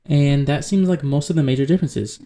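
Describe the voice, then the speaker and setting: A man's voice: fairly high pitch, brisk, warm tone, slight background noise. A man narrating a scripted educational video, explaining points methodically and working example words into his explanations. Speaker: language video host.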